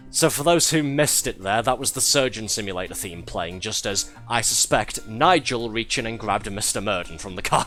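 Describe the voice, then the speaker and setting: A man streaming a game live, talking in a lowish voice that swings up and down a lot as he jokes. His commentary is wry and sarcastic, and he laughs often. Faint game music plays behind him. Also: lively intonation, a little fast, hardly any pauses, fairly bright tone.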